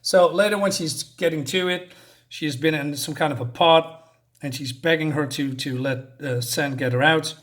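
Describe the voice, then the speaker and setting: A man's voice: a little high, normal speed, fairly bright tone. A man casually recapping a comic book's plot, rambling and hesitant, often losing his thread. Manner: rambling, many fillers and restarts. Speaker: comic reviewer.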